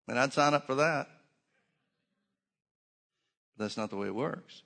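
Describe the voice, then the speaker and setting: A man's voice: medium pitch, a little slow, gravelly, long pauses, a bit bright, long reverb tail. A man preaching a sermon, driving his points home with repeated phrases and rhetorical questions.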